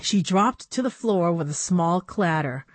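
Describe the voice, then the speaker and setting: A woman narrating a children's storybook in a measured, expressive way. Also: fairly low pitch, dry recording. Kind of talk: storybook reading.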